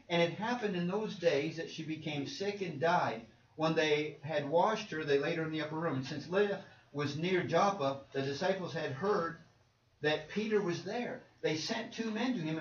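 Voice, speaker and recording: A man preaching a sermon with emphatic delivery, repeating words and acting out the quotes he cites. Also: on the high side. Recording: roomy, distant, dull with faint noise.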